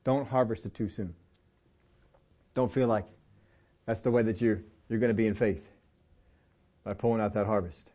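A man's voice: normal speed, pauses often, muffled recording. Conversational middle-aged male preacher. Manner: conversational storytelling with lively pitch swings and laughs. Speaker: pastor. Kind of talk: sermon.

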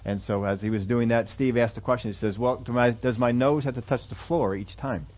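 A preacher telling an illustration story in a sermon, halting at times with fillers and restarts. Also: male voice, medium pitch, muffled recording.

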